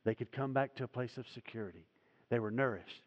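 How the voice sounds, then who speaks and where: A man preaching a sermon as pastor in a church, his voice swelling loud and dropping low as he drives his points home. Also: fast, big-room sound, muffled recording. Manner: preaching with dramatic swells and drops in volume. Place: church sanctuary.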